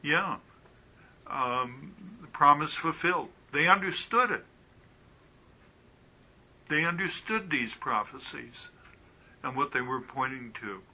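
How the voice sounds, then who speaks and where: Slow, bright-voiced male Bible teacher. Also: on the high side, animated, husky, poor audio. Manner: halting with frequent ums, asks rhetorical questions.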